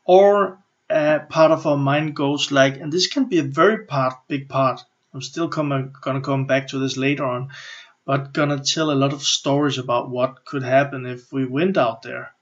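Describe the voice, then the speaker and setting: A middle-aged man with a Danish accent gives a motivational coaching lesson. He talks in an animated way, acts out inner thoughts and often restarts his sentences. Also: mid-range voice, normal speed. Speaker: business and personal development coach. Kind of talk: motivational teaching talk. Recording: slightly muffled lo-fi audio.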